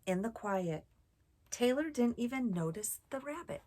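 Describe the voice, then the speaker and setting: Slow, breathy woman reading a picture book. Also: a little high. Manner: slow, expressive, asks the children questions. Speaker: children's storytime host. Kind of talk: read-aloud storytelling for children.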